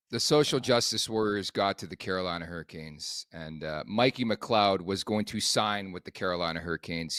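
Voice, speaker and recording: A man's voice: deep voice, a bit bright, no echo, studio quality. A Canadian man hosting a hockey talk show, chatting bluntly with cursing and laughing asides. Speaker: podcast host. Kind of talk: casual sports chat.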